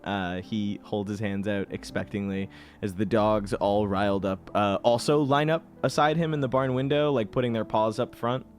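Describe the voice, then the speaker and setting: A man narrating as game master in a tabletop game, talking lively with many fillers. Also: fairly low pitch, normal speed, soft background music. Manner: lively, laughing, full of fillers.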